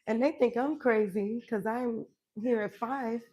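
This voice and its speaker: An upbeat woman who works as a wellness coach chats on a live stream, offering emphatic motivational affirmations and laughing often. Her voice is fairly high and a little mellow, and she takes her time.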